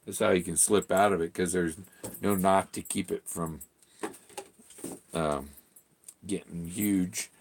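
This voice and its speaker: A man's voice: low voice, steady tone, takes it slowly, gravelly, pauses often, slight background noise. A man vlogging from a campsite in a casual, rambling way, chuckling often and trailing off mid-sentence. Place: outdoor campsite.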